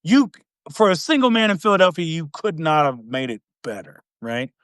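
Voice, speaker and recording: A man hosting a podcast, telling a long dating story in a casual, animated way, acting out the quotes with big swings in pitch and volume. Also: moderate pace, clean tone, no echo, clean studio sound. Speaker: podcast host.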